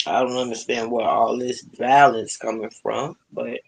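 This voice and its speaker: A man's voice: mid-range voice, flat delivery, a little slow, gravelly, breathy edge. A man in a casual chat, questioning and pushing back on his co-host.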